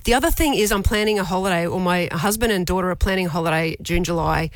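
A woman's voice: lowish voice, fast talker, no room sound. An Australian woman in her forties, co-hosting a casual chat and telling personal stories candidly, with laughs in between. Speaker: co-host.

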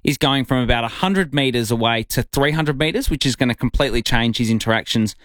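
A man's voice: mid-range voice, brisk, no echo. A man with an Australian accent hosting a radio show, talking with enthusiasm in a studio. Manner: lively, enthusiastic. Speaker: radio host. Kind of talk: casual radio chat. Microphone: studio mic.

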